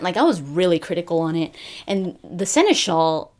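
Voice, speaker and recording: A woman vlogger talking casually about gaming news, chatty and animated, with many fillers and restarts. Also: on the low side, normal speed. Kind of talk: casual chat.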